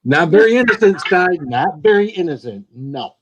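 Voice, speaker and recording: Teasing man with a lively voice. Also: high-pitched, moderate pace, muffled recording, crowd noise. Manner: teasing, repeats words for laughs. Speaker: fellow streamer. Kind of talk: casual live-stream chat.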